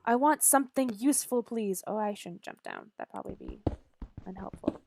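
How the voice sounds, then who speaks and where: A woman's voice: on the high side, moderate pace, heavy background noise. A woman streaming a game, chatting casually with playful sarcasm and silly beep-boop noises.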